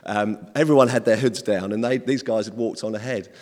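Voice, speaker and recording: A man playing a preacher, fairly low voice, chatty and halting delivery, long hall echo. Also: darkish tone. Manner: conversational and hesitant, with many ums. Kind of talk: informal sermon.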